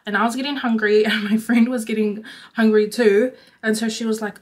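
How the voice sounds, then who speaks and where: A young adult woman telling a story to her vlog audience in a chatty, animated way, filling her talk with "like.". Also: fairly high pitch, brisk. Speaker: vlogger. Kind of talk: casual storytime.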